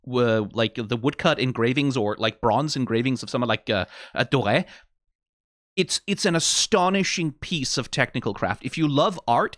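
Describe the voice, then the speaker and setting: Lively rambling man streaming a reaction. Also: mid-range voice, no room sound, clean studio sound. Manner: rambling, emphatic, repeats himself, swears casually. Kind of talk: casual streamed reaction talk.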